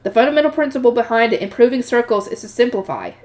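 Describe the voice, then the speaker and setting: Woman doing a young man, noble scholar, earnest and methodical, explains calmly. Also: on the high side, fast talker, lightly acted. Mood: explaining.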